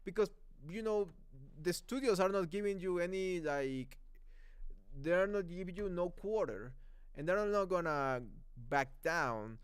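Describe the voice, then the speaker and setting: Smooth-voiced man with a Mexican accent. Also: sits high, dry recording. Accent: Mexican Spanish. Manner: rambling, repeats words, quick to laugh. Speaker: live-stream movie reviewer. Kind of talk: casual live-stream chat.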